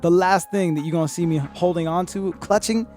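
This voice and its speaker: A man hosting a podcast, telling a story in a rambling, profane, animated way and acting out what people said. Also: sits high, a little fast, over loud music. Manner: profane, rambling, animated retelling with acted-out quotes. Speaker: podcast host. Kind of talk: casual storytelling.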